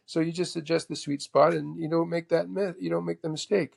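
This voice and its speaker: Man in his 60s, from Canada, gravelly, higher-pitched, animated storyteller. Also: a little fast. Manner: animated anecdotes, acting out both sides of conversations. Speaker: guest, golf professional. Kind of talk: casual storytelling chat.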